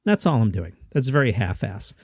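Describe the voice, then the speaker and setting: A man's voice: lowish voice, big pitch swings, darkish tone, no echo, studio quality. Chatty man hosting a comedy podcast. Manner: quick, chatty and self-mocking. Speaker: comedy news podcast host. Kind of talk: casual comedy news commentary.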